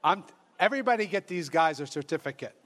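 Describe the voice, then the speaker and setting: Exuberant high-voiced priest telling stories. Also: male voice, lively intonation, fast talker, fairly bright tone, slight background noise. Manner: exuberant and humorous, laughing as he tells stories; acts out quoted voices. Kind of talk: storytelling sermon.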